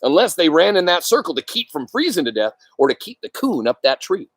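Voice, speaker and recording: A jittery, excitable backwoods hunter , voiced by a man reading a novel aloud, who stammers and rushes his words. His voice sits high and swings up and down as he blurts out news. The sound is dry and close. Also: no echo. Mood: eager. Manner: breathless, stammering. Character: excitable adult male coon hunter.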